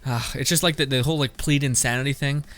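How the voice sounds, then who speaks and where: A man's voice: mid-range voice, steady tone, quick pace, a bit bright, faint music behind. A man streaming his reactions to memes in a casual, blunt, swear-filled way, laughing often. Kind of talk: casual commentary.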